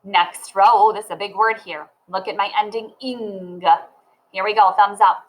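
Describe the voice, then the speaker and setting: A woman teaching a phonics lesson to children, sounding out letters and words slowly and clearly. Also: mid-range voice, fairly even intonation, poor audio.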